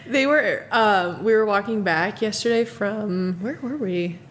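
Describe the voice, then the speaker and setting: Woman, podcast host, chatty, animated pitch. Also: measured pace, slight background noise. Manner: chatty and laughing. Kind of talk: casual podcast chat.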